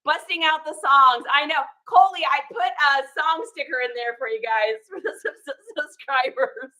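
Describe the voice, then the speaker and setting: Woman, high voice, bright, very lively, casual storytelling, laughing. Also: normal speed, low-quality recording. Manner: animated, laughing, acts out quoted voices. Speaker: reseller showing a garage sale haul.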